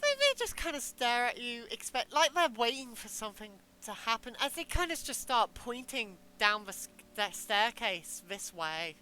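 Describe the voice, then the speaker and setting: Bright-voiced woman game master. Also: fairly high pitch, sing-song, a little hiss or hum, rough recording. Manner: halting, self-correcting, joking. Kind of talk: narrating a tabletop game.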